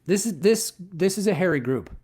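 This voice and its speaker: A man's voice: high-pitched, animated, normal speed, darkish tone, slightly rough. A young man co-hosting a live show, reading fan mail aloud and stumbling over words. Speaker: co-host. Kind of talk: casual live-show banter.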